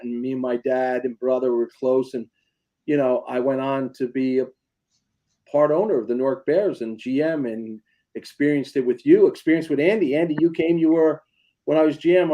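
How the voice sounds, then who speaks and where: A middle-aged man who is a former police officer, co-hosting a casual chat and telling stories with rising emphasis. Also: mid-range voice. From New Jersey. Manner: animated, storytelling with rising emphasis.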